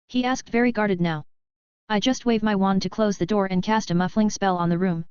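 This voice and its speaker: A woman narrating a first-person fantasy audiobook in an even, calm storytelling voice. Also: mid-range voice, a little fast, clear, resonant tone, no echo. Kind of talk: scripted narration. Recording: dull, muffled audio.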